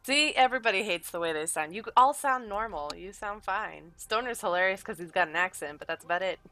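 A woman streams a game and chats with her teammates, giggling often and swearing lightly. Her voice is bright and clear. She keeps a relaxed, chatty tone. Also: medium pitch, a little fast. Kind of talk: casual gaming chat.

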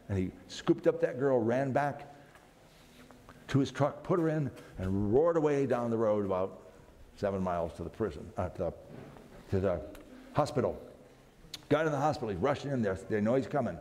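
A man's voice: fairly low pitch, expressive, moderate pace, darkish tone. A man speaking at a camp meeting, telling a story dramatically for family worship, often restarting his phrases. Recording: long hall reverb, faint background noise.

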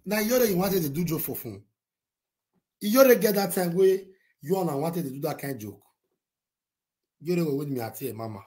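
Nigerian vlogger guy, slightly high voice, excitable rant, keeps repeating himself. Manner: excitable, repetitive, mixes pidgin and local language. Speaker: vlogger commenting on a movie-industry dispute. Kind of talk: animated pidgin commentary.

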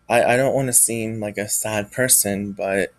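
Tearful man, halting and hesitant. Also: fairly low pitch, no room sound, rough recording. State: near tears. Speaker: vlogger. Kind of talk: personal confessional vlog.

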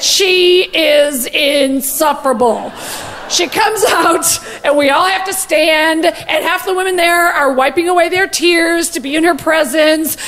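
A woman comedian doing stand-up, telling a gossipy story in a rapid, brash and profane way. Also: very high-pitched, a bit bright, long reverb tail, a little hiss or hum.

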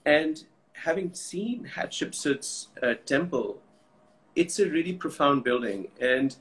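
A man's voice: on the high side, expressive, takes it slowly, fairly bright tone, rough recording. A man hosting a live chat, speaking conversationally and restarting his sentences as he goes. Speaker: host.

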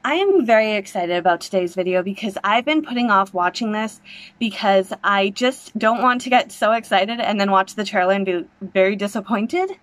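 A young woman book vlogger talking to camera in an excited, gushing, breathless way. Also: mid-range voice, moderate pace. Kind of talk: excited casual vlog.

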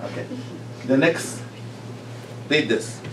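A man's voice: takes it slowly, background noise. A middle-aged man, an imam, teaching a class on Quran recitation, quizzing his students and breaking into chanted verses. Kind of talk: lively classroom lesson.

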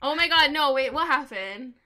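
Young woman streamer, high voice, giggly rambly chat with her viewers. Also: animated, normal speed, sharp tone. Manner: giggly, rambling, chatty storytelling. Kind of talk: casual live-stream chat while gaming.

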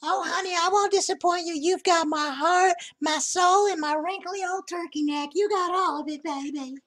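A woman's voice: extremely high pitch, normal speed, fairly bright tone. A woman playing a sweet-talking old lady who makes crude jokes, on a prank voice chat. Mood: doting. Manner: doting, teasing, crude jokes. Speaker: scambaiter.

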